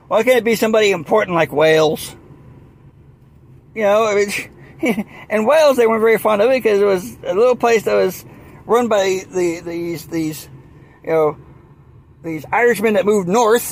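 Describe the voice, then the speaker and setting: A comedian rambles through a sarcastic, stand-up style monologue full of restarts and mock voices. His voice sits high and is creaky, and the audio quality is poor.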